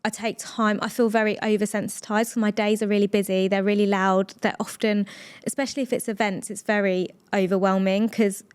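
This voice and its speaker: A woman's voice: medium pitch, level tone, smooth. Candid, rambling woman podcast guest. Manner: open, rambling, quick bursts with restarts. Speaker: podcast guest, blogger and entrepreneur. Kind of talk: candid conversational interview.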